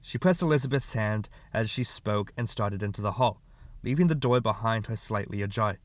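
A man reading a short story aloud as an audiobook narrator, calm and measured. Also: fairly low pitch, no room sound.

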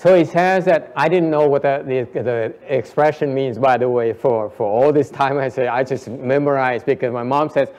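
A man's voice: medium pitch, normal speed, few pauses, darkish tone. A Buddhist teacher giving a Dharma lecture, playfully coaxing his class and switching between English and Vietnamese. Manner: frequent laughter and repeated "yes, yes".

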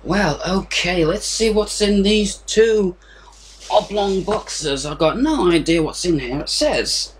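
A man's voice: high-pitched, expressive, slow. Rambling man unboxing at home. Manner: rambling, self-deprecating, thinking aloud. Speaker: vlogger unboxing a package. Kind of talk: casual unboxing chat. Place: hot indoor room with a fan running. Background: fan noise.

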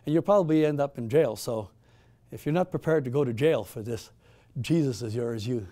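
A man's voice: mid-range voice, a little fast, dark tone, natural voice. A man retelling as a stern soldier. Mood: threatening. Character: stern male soldier giving a threatening ultimatum.

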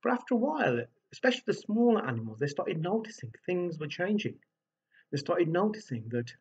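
A man telling a folk tale to families, animated and asking his listeners questions. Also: medium pitch, slightly rough, muffled recording. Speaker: storyteller. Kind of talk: live oral storytelling for families.

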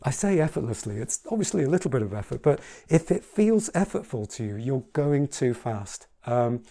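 A man's voice: medium pitch, very animated, normal speed, warm tone. A man teaching piano in a casual tutorial, chatty and reassuring as he demonstrates at the keyboard. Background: piano playing.

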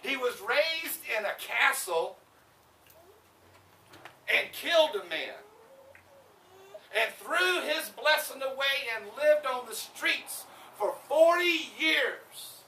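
A man preaching a sermon, animated and often shouting, acting out the people he talks about. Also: extremely high pitch, slow, pauses often, a little hiss or hum. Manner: animated, shouting, acts out voices. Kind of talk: street sermon. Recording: echoey, distant.

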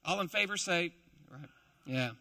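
Bright, high-voiced, joking young preacher. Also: male voice, lively intonation, moderate pace. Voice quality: chatty, playful, self-deprecating asides. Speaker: preacher, also a school teacher. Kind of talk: casual, joking sermon to a live congregation.

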